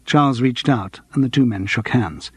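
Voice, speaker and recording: A man narrating a cozy mystery audiobook in a measured, dry manner. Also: mid-range voice, slightly rough, dry recording. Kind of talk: scripted narration.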